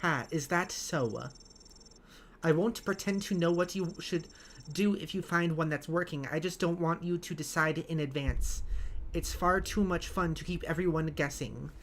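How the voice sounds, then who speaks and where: A woman voicing a brisk, teasing female character in a put-on British accent, speaking slowly and stressing her consonants heavily. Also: low voice, slight background noise.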